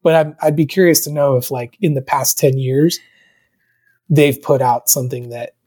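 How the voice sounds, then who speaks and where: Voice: mid-range voice, fairly even intonation, moderate pace, dark tone, slightly rough. A co-host in casual chat, reading out listener questions and hesitating with fillers.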